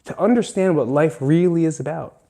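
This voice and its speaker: A fairly high, warm male voice with vocal fry moves a little quickly through an emotional solo podcast monologue. The host is earnest and emphatic, swears often, and nearly cries.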